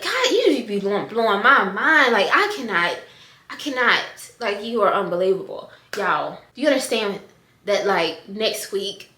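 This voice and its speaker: A middle-aged woman talking casually to the camera in a vlog, excited and emotional, often calling her viewers "y'all". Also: a little high. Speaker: vlogger. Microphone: camera on desk. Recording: echoey room.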